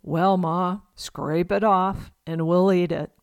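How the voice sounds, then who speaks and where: A woman voicing a folksy Southern husband with a slow, deadpan drawl, within a memoir reading. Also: sits high, smooth, no echo, highs cut off. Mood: teasing.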